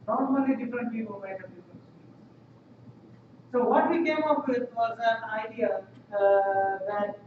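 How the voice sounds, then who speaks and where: High-voiced man lecturing in an echoey classroom. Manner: explanatory, repeats phrases, frequent fillers. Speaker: university lecturer. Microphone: laptop webcam from far off. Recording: echoey room, distant lo-fi mic, noisy.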